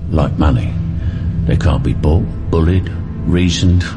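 An actor playing an older butler with a Cockney accent, speaking a slow, solemn warning in a film clip. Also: male voice, low voice. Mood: grave. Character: older male butler, grave and measured. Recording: film clip with loud score. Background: loud film music.

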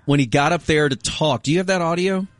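A man's voice: fairly high pitch, fast, no room sound. A man co-hosting a radio talk show, joking and teasing in casual banter. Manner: jokey, teasing, leads the segment.

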